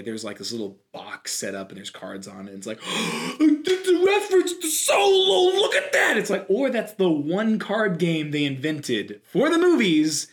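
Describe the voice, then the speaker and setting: A young man co-hosting a podcast, chatting casually and telling a story with lively slips into put-on voices. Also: medium pitch. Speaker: podcast co-host. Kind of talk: casual chat.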